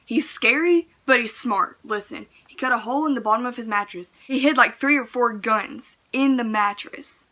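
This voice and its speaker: A young woman vlogger telling a personal story in casual chat, full of fillers, swinging from hushed asides to loud outbursts. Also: on the high side, normal speed, hardly any pauses. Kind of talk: storytime vlog.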